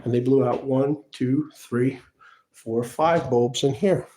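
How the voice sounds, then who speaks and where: A man's voice: mid-range voice, slow pace, dark tone. A man filming in his own apartment on a handheld phone, talking in an aggrieved, insistent way and repeating himself. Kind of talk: agitated self-filmed complaint.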